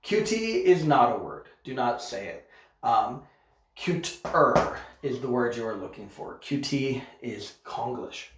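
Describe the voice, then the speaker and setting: A man's voice: mid-range voice, very animated, slow pace. A man teaching English in a recorded online lesson, explaining patiently step by step and often checking in with "okay?". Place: Korea. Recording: echoey room, muffled sound.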